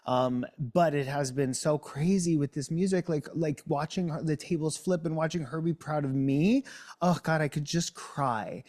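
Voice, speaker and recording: A man from New Jersey, a guest on a podcast, talking in a lively, theatrical way with big jumps up in pitch. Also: moderate pace. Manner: exuberant, theatrical, with big upward pitch swings. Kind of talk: casual interview chat.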